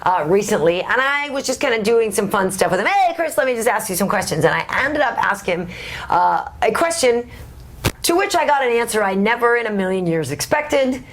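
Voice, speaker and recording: A woman's voice: a little high, lively intonation, a little fast, a little hiss or hum. A woman hosting a show, introducing a clip in a chatty, conversational way. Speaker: show host. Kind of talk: casual segment introduction.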